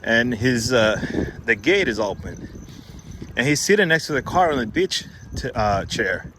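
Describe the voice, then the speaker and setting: A man's voice: mid-range voice, animated, a little slow, fairly bright tone, a little hiss or hum. A man casually telling a story to camera, rambling and correcting himself as he goes, raising his voice when he quotes others.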